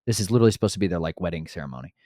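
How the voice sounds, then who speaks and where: A man giving a casual Bible teaching in an animated, slangy, exasperated storytelling way. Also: low-pitched, rapid-fire, dry recording, clean studio sound.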